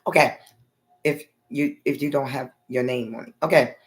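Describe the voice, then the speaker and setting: A woman's voice: very deep voice, fairly even intonation, moderate pace. A woman vlogger telling a long personal story in a rambling, blunt way, often adding okay and honey.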